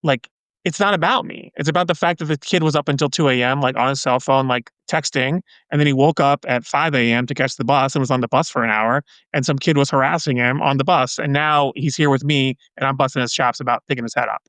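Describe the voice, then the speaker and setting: A man's voice: mid-range voice, fast, a bit bright, no echo. A man speaking as a podcast guest in casual conversation, earnest and loose, with frequent fillers and restarts.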